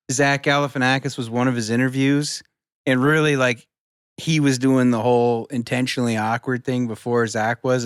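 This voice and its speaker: A man on a comedy podcast, talking casually and meandering through an anecdote. His voice sits at an ordinary middle pitch. It is recorded close and dry. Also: a bit bright, clean tone, no echo. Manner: laid-back, rambling anecdotes. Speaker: podcast co-host. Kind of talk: casual chat.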